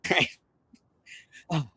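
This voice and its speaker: A man hosting a casual podcast chat, excitable and rambling, often breaking into laughter. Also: drawn-out words, no room sound. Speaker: podcast host.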